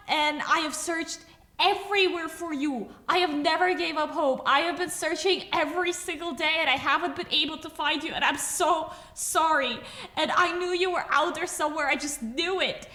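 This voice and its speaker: A woman's voice: high voice, moderate pace, bright, forceful tone, voice pushed up. A woman voicing a young man sobbing with relief, gushing out his words in a breathless rush. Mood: tearful joy. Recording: echoey room.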